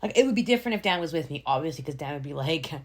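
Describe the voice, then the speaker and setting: A woman in her thirties co-hosts a podcast, chatting casually in a deep, rapid-fire voice. She is an animated storyteller who acts out the people and quoted voices in her stories.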